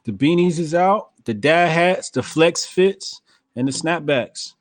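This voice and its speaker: A man in casual podcast chat, pitched a little high and very animated. He laughs loudly and often. The sound is dry and close to the mic. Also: a little slow, no room sound. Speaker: podcast co-host.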